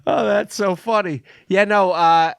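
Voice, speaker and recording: A man's voice: high voice, steady tone, measured pace, vocal fry, clear, resonant tone, no echo, studio quality. A young man co-hosting a podcast, joking in a laid-back, casual chat. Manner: laid-back, joking, calls people "dude". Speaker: podcast co-host.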